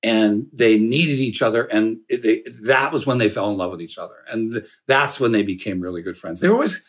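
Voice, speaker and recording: A man's voice: fairly low pitch, brisk. A middle-aged man telling a family story in a casual podcast chat, acting out the people he quotes. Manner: animated storyteller, acts out quoted voices. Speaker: guest, son of an actor.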